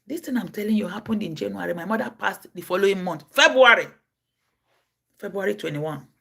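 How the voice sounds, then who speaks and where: Nigerian woman telling stories, husky and animated. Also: a little fast. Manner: acts out the people in her stories, jumping from a low murmur to high cries and shouts. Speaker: livestream host. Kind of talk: casual storytelling.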